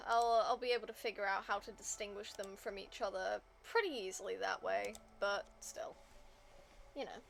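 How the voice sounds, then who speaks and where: A woman's voice: mid-range voice, creaky, a bit bright, slight background noise. A woman game streamer chatting casually to her viewers, rambling with lots of fillers.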